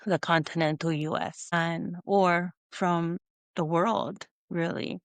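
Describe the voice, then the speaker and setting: A middle-aged woman talks through a podcast story, wandering off and circling back as she goes. Her voice sits a little low, and the sound is close and dry with no room around it. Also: fairly even intonation, takes it slowly, no room sound. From Hawaii. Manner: storytelling, meandering with restarts. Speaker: podcast host. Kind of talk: casual solo podcast talk.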